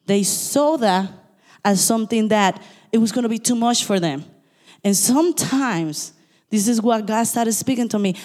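A woman pastor with a non-native English accent, preaching a sermon fast and emphatically, with quick asides to her listeners. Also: mid-range voice, darkish tone, long reverb tail.

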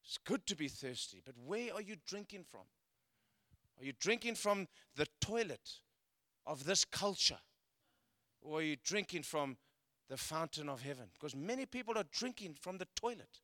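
A man preaching a sermon, telling stories and swinging between loud emphatic peaks and quiet asides. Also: a little high, lively intonation, a little slow, no room sound. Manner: storytelling, building to loud emphatic peaks then dropping quiet. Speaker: guest preacher.

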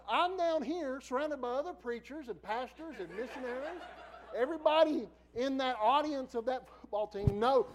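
A middle-aged man preaches with a strikingly high voice for a man. He tells personal stories with lots of laughter and drops to quiet asides before rising into loud bursts. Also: slight background noise, poor audio. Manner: lively storyteller who laughs often and swings from quiet asides to loud bursts. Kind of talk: sermon with personal storytelling.

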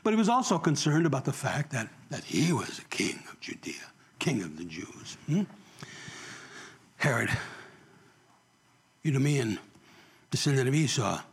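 A man's voice: medium pitch, big pitch swings, a little slow, long pauses, breathy edge. A male pastor giving a conversational sermon in church, often asking the congregation questions and joking.

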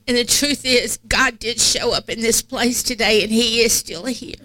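A woman's voice: fairly high pitch, fairly even intonation, normal speed, sharp tone, no room sound. A middle-aged woman preaching a sermon in a church, emphatic and repetitive in cadence, tearful at times. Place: church sanctuary.

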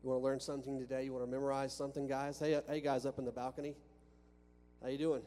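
This pastor talks fast, with a warm, medium-pitched voice that moves little in pitch. He preaches conversationally to a congregation in a church sanctuary with a balcony, using restarts and rhetorical questions. Long church-hall reverb and a faint hum are audible.

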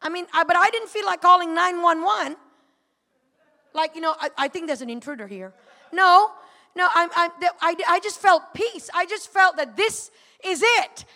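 Woman, very high voice, church testimony, fervent, long hall reverb. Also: measured pace. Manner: builds from quiet storytelling to fervent shouting. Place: church sanctuary.

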